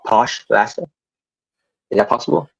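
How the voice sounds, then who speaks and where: A streamer chats casually into earphones at a moderate pace, stumbling, restarting his questions, and swearing offhand. The audio is dull with no room sound.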